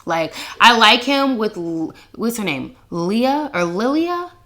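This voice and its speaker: Bright-voiced young woman chatting casually. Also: a little high, takes it slowly. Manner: animated, laughing, slangy storytelling. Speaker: podcast host. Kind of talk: casual chat.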